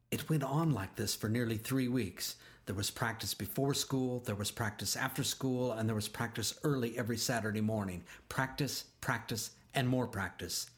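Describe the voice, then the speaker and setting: A man narrating a children's storybook aloud, expressive and slowing down for emphasis. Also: fairly low pitch.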